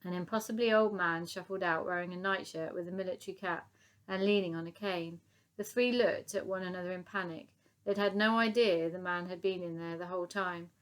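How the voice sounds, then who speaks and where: A woman's voice: on the low side, a little fast. Woman narrating a children's audiobook. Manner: lively, expressive storytelling.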